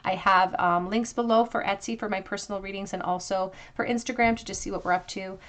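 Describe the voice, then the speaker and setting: A woman's voice: medium pitch, fairly even intonation, fairly quick, fairly bright tone. A woman giving a pick-a-card tarot reading to her viewers, earnest and reflective, drawing out key phrases for emphasis. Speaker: tarot reader.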